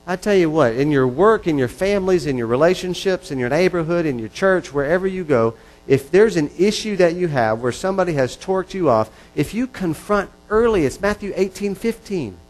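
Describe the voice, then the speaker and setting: A man's voice: high-pitched, lively intonation, a little fast, darkish tone, rough recording. A man preaching a sermon in an earnest, repetitive style that builds in intensity. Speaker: pastor.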